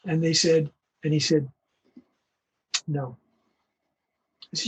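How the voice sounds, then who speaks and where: An older male voice actor telling animated anecdotes in an interview, acting out the voices of the people he quotes. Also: on the high side, slow, long pauses, lo-fi sound, slight background noise. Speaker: guest voice actor. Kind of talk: storytelling interview.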